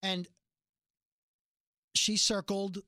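A woman's voice: mid-range voice, extremely slow, dry recording, clean studio sound. A middle-aged woman co-hosting a podcast, chatting casually and telling stories with emphatic energy. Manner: animated, emphatic storyteller. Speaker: podcast co-host. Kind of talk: casual chat.

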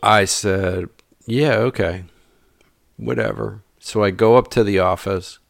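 Guy with a lowish voice telling a story, acts out the quotes, mutters some bits, dry sound. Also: slow, creaky, no room sound. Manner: animated, acts out dialogue, drops to mutters. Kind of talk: casual personal storytelling.

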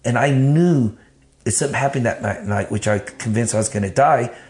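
A man telling his life story in an interview, blunt and animated, swearing freely. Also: medium pitch, a little fast. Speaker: interview guest. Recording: roomy echo.

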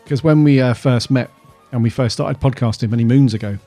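A man's voice: medium pitch, a little fast, warm tone, no room sound, faint music behind. A man hosting a casual podcast, chatty and jokey with plenty of slang. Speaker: podcast host.

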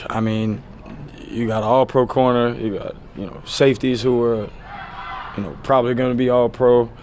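Athlete at the podium: man, thirties, casual and unhurried delivery, middle-range voice, filler-heavy answers. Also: mid-range voice, a little hiss or hum. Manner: relaxed, loose, full of "you know" fillers. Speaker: pro football player at a press conference. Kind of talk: press conference answers. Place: press conference area.

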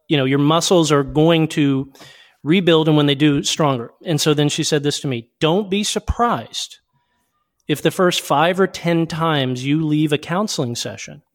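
Quick, reflective male podcast guest. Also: on the high side. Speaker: podcast guest, youth speaker. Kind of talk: casual interview chat.

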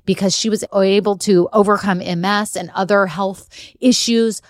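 A woman's voice: mid-range voice, fairly even intonation, normal speed, no room sound, studio quality. A woman hosting her own podcast as a business coach, talking in an upbeat, encouraging, chatty way. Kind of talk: solo podcast talk.

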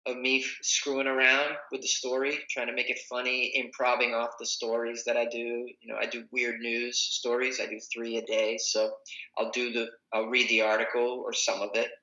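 A comedian chatting casually, rambling and correcting himself mid-sentence. His voice is very bright and sharp. The room gives it a clear echo. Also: mid-range voice, monotone, moderate pace. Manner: rambling, self-correcting, many fillers. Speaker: comedian and podcaster. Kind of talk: casual conversation.

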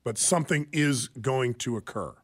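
A man's voice: medium pitch, moderate pace. Radio co-host guy, earnest, lots of uhs, regular mid voice, studio. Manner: earnest, frequent fillers. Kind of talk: talk radio news commentary.

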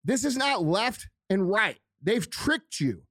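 A man rants in a high voice, swearing constantly and hammering the same point over and over. The sound is dry and close, with no room around it. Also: sing-song, slow pace, fairly bright tone, no echo. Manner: profane, heated, repeating himself for emphasis. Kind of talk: angry ranting monologue.

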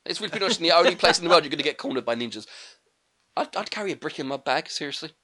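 Fast, bright-voiced man ranting. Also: a little high. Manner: quick, animated, jokey ranting. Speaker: podcast co-host. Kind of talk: casual chat reviewing a film.

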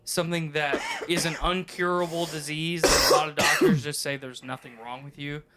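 A man's voice: on the high side, fairly even intonation, normal speed, very noisy. A man co-hosting a podcast, rambling and swearing through casual chat with frequent laughter. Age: adult, has a wife. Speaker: podcast co-host.

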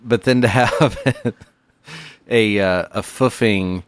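A man in casual comedic chat with a dry, unhurried manner. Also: lowish voice, heavy background noise.

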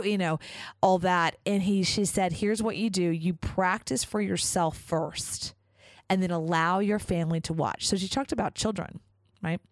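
This podcast host has a lowish voice, captured in a dry recording. Speaking alone in a casual monologue on her own show, she's chatty and enthusiastic and uses lots of casual fillers.

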